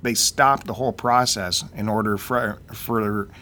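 A man on a casual talk show, telling a long story in an animated, ranting way and acting out the people in it. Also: fairly low pitch, unhurried. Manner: animated, ranting, acts out quotes.

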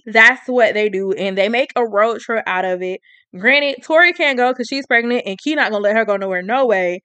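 A woman chatting casually as she recaps a book, slangy and lively, with constant "she was like" asides. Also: a little high, normal speed, clear, resonant tone, no echo. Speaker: book reviewer.

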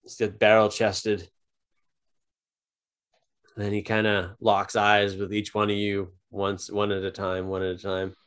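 A man's voice: on the low side, completely flat delivery, measured pace, long pauses, a bit bright. A man narrating an improvised tabletop game as game master, in a loose, casual way with many fillers.

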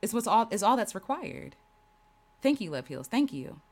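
Lively woman host reading live chat. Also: mid-range voice, moderate pace. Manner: warm, affirming, laughs often, reads comments aloud. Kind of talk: casual livestream chat.

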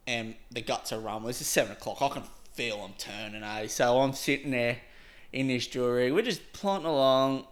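A man's voice: mid-range voice, normal speed. A young man casually telling a story on a podcast, rambling with lots of "like" and frequent laughs.

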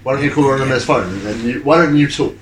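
A man's voice: medium pitch, rapid-fire. A young man, laughing and bantering in a casual chat with friends. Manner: laid-back, laughing banter. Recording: roomy, far from the mic, faint noise.

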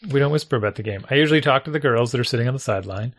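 A middle-aged man and youth soccer coach chatting casually, with dry, deadpan humor. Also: medium pitch, rapid-fire. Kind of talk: casual chat.

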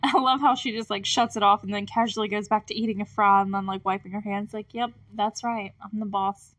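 A woman's voice: medium pitch, steady tone, quick pace, a bit bright. A woman hosting a podcast, recapping a TV episode in a casual, chatty way with lots of fillers and frequent laughs between remarks. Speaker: podcast host.

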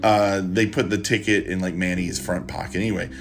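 A man hosting a podcast, recapping and recommending a book in a halting, rambling way with many restarts. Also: sits low, steady tone, soft background music. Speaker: podcast host.

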